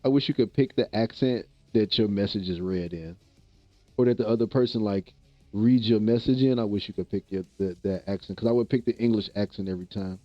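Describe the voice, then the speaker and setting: A man's voice: on the low side, a little fast, no echo, lo-fi sound, soft background music. A man from the American Midwest chatting casually with viewers on a livestream, laid-back and rambling, often repeating himself. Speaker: streamer.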